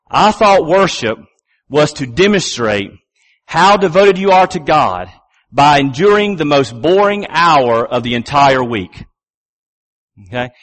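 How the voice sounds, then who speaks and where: A middle-aged man preaching a sermon, repeating key phrases and slowing down, low and deliberate, when he reads scripture. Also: a bit bright. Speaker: pastor.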